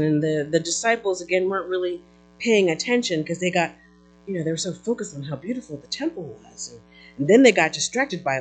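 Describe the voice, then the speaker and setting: A pastor preaching a sermon in an animated way, calling out to the congregation and often repeating words and restarting mid-phrase. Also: mid-range voice, rough recording.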